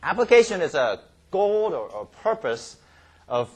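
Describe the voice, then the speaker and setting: Lively, husky-voiced man teaching Bible study. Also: a little high, unhurried. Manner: repeats key words, frequent "okay?" and "right?" check-ins; restarts and stumbles on words.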